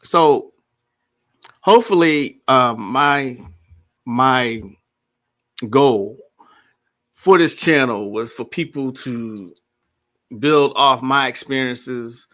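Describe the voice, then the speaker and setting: A man's voice: mid-range voice, very slow, pauses often, fairly bright tone. A man hosting a casual livestream, greeting viewers and chatting. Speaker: host.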